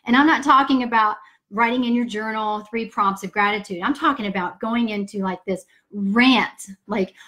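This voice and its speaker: A woman talks straight to her viewers on a live stream from her home office. Her voice sits a little high, and she stays upbeat and chatty. She drops in casual swearing and a folksy "y'all" as she answers questions. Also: moderate pace, bright, forceful tone. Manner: upbeat, chatty, greets viewers mid-sentence. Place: home office with pets nearby. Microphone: computer or phone for a live stream.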